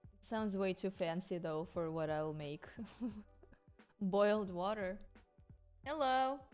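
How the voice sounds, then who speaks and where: A woman's voice: mid-range voice, slow, darkish tone, smooth, faint music behind. A young woman with a Ukrainian accent chatting casually on a live stream, rambling, giggling and searching for her English words.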